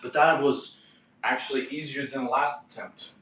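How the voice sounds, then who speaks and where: A man chatting casually with his live-stream viewers while working out, excitable and a little out of breath. His voice sits at an ordinary middle pitch. The room is echoey, with a faint hum of background noise. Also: normal speed, distant mic. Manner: excitable, breathless, laughing between attempts. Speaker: fitness streamer. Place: indoor room upstairs at home.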